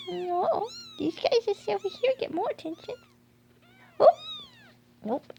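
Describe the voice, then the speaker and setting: A woman filming her cats at home, talking to them in soft whispers and baby talk, with frequent laughs. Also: extremely high pitch, huge pitch swings, measured pace, creaky, pauses often, a little hiss or hum. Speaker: cat owner filming her pets. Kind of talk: casual baby talk to pets. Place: home, indoors.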